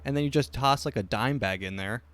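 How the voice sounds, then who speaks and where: A man's voice: mid-range voice, a little fast, a bit bright, dry recording. A young man hosting a casual chat show, rambling with lots of fillers and restarts. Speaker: podcast host.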